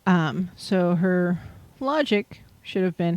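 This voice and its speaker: A woman with a low, mellow voice chats loosely on a livestream, filling her talk with ums and easy laughter. The sound is close and dry, with no room echo. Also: lively intonation, a little slow, dull audio. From Pacific Northwest, USA. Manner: rambling, many fillers, laughs easily. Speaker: host. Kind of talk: casual livestream chat about chakras.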